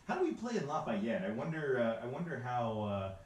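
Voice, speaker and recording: A man's voice: mid-range voice, very animated, a little fast, a little mellow, distant mic. Brief: man podcast co-host, Southern Californian accent, loose rambly delivery, recorded off-mic in a roomy space with faint ambience. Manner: rambling, many fillers and restarts. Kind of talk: casual chat.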